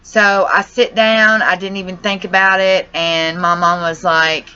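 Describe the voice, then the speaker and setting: A young woman talks straight to her vlog viewers, rambling and distressed, swearing as she goes. Her voice sits a little low but has a bright, tense edge. The audio is dull and lo-fi. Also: flat delivery, a little slow, clear, resonant tone. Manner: distressed, rambling, says y'all and cusses. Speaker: vlogger. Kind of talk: emotional personal vlog.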